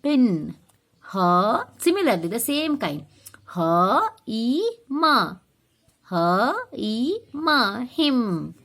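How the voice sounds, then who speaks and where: A woman teaching a phonics lesson to young children, slowly sounding out letters and words one at a time. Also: on the high side, sing-song, fairly bright tone. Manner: slow, sounding out letters one by one, sing-song.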